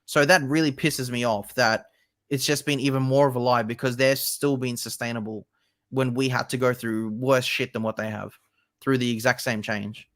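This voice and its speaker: A man's voice: medium pitch, fairly even intonation, normal speed, fairly bright tone, no echo, clean studio sound. A young man hosting a casual football chat, ranting with passion and swearing freely. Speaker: host.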